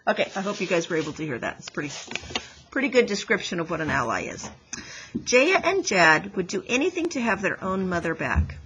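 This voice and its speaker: A woman teacher reading a chapter book aloud to her class over a video call, with clear, explanatory storytelling. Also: on the low side, big pitch swings, brisk, a bit bright, lo-fi sound, a little hiss or hum.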